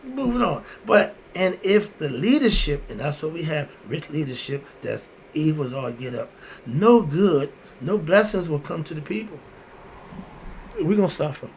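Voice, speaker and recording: Gravelly guy riffing on life like a sermon, answers his own questions, slight hiss behind. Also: fairly high pitch, lively intonation, a little slow. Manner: repeats "moving on" between points; informal, chuckles often. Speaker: host. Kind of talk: casual philosophical monologue.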